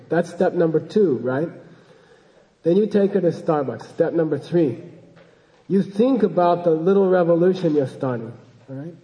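A man's voice: on the high side, mellow, long reverb tail, low-quality recording. A man giving an informal dharma talk as a Buddhist teacher, rambling and joking and often checking in with his listeners.

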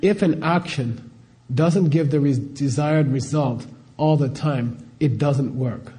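A man's voice: on the high side, takes it slowly, mellow. A middle-aged man giving an informal spiritual teaching talk, conversational, often asking his listeners rhetorical questions and checking in with "okay?".

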